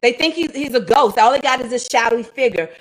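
Bible study host, woman, lively delivery, somewhat high voice, laughs often. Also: fast, low-quality recording. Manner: animated, laughing, dramatic asides. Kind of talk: casual livestream Bible study teaching.

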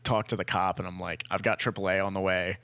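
A man's voice: low-pitched, level tone, quick pace, fairly bright tone, no room sound. A young man in casual conversation telling a long story, rambling, swearing freely and acting out what people said. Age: young adult. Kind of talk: casual chat.

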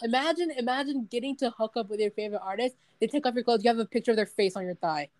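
A young woman talks loosely and rambles on a podcast, filling every pause with "like" and slipping into giggles. Her voice sits a little high, and the sound is dry and close. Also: a little mellow, dry recording. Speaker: podcast co-host. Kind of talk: casual chat.

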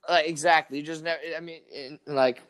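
A young man telling a story in casual chat, animated and profane, full of "dude" and "like". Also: a little high, brisk, clean tone.

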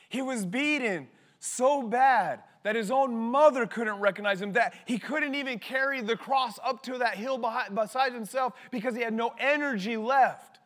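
A man in his thirties preaching a sermon with passion, swinging from loud bursts to hushed words. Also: very high voice. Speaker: pastor. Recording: long hall reverb.

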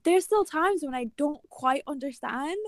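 A young woman in a casual podcast chat, thoughtful, with soft laughs and many fillers. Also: high voice, moderate pace, no room sound.

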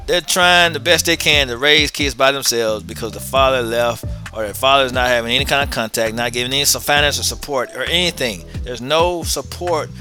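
Forceful, emphatic man hosting his own show. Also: mid-range voice, brisk, few pauses, soft background music. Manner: emphatic and repetitive, hammering points home; casual and blunt, drops in slang. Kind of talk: opinion monologue to viewers.

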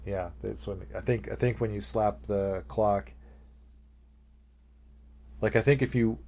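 A man's voice: lowish voice, fairly even intonation, measured pace, a little mellow. A man co-hosting a podcast in casual chat, rambling and laughing as he retells things. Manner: rambling, laughs often, retells scenes animatedly. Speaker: podcast co-host.

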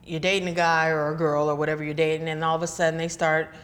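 A woman's voice: low-pitched, flat delivery, fast, fairly bright tone. Chatty woman singer-songwriter guest. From California. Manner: chatty, peppers talk with "you know?". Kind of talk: casual interview chat.

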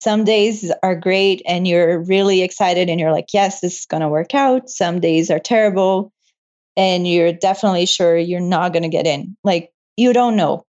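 A woman's voice: lowish voice, normal speed, a little mellow. A young woman guest in an interview, telling her story in a casual, emotional way and laughing often. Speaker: interview guest, medical student. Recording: slightly dull lo-fi sound.

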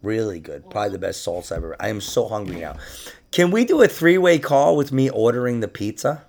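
A man hosting a casual podcast, rambling and swearing through his stories and laughing often. His voice is gravelly and full of fry. His pitch jumps around with animated swings. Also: a little fast. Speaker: podcast host. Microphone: podcast microphone.

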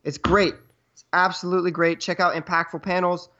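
A man's voice: sits high, little pitch movement, fairly quick, pushed and bright. A man co-hosting a podcast in casual chat, rambling and repeating himself jokingly. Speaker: podcast co-host. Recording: dull lo-fi sound.

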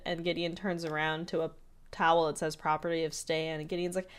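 A woman's voice: deep voice, level tone, clean tone. A woman co-hosting a podcast, casually recapping an episode scene by scene with lots of "like"s. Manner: retells scenes with many "like"s and quick character impressions. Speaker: podcast co-host.

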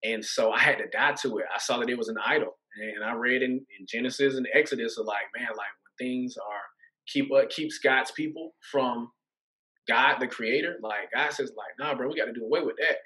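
A man, an interview guest giving a casual faith testimony as an animated storyteller who acts out voices and laughs often. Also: mid-range voice, normal speed, low-quality recording. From Atlanta, USA.

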